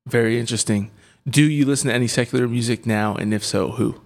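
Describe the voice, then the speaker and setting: A man's voice: mid-range voice, quick pace, gravelly. Playful man hosting. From Canada. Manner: playful, laughs often, teasing. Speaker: podcast host. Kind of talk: casual interview chat.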